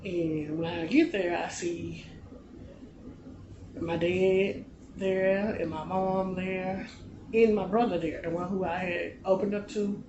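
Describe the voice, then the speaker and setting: A man in his late twenties telling a personal story to his vlog audience in a relaxed, conversational way, often dropping into a soft, low-key delivery. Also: slow, lo-fi sound. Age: late 20s. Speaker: vlogger. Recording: echoey room with loud background noise.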